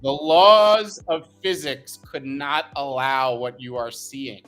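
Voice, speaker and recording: A man co-hosting a podcast who talks in an animated, opinionated, emphatic way. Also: medium pitch, slow pace, soft background music. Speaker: co-host. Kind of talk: casual podcast chat.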